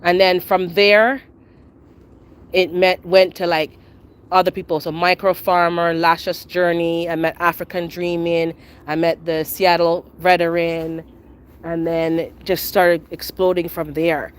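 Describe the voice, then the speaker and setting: A woman's voice: fairly low pitch, level tone, measured pace, smooth. A woman chatting casually on a live stream while she walks around her backyard garden, answering viewer comments. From Canada. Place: outdoor backyard garden near a rail line.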